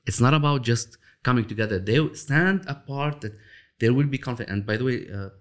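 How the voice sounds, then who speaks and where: A man being interviewed, speaking thoughtfully and often pausing and restarting as he explains his ideas. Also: mid-range voice. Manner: thoughtful, hesitant restarts, slows down for emphasis. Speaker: interview guest, author of a love system. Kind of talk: reflective storytelling interview.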